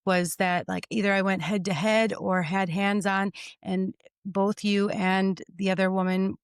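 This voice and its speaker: A woman's voice: mid-range voice, flat delivery, a little slow, clean tone, no echo, studio quality. A woman hosting a podcast, speaking in a reflective, affirming conversational way. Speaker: podcast host. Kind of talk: conversational interview.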